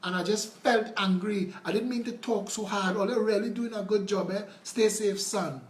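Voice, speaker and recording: A man's voice: sits high, moderate pace, voice pushed up, natural voice. A man putting on a flustered Trinidadian voter. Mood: sheepish. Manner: gushing, apologetic, pleading. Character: flustered apologetic voter, sheepish after a rant. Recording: roomy with faint noise.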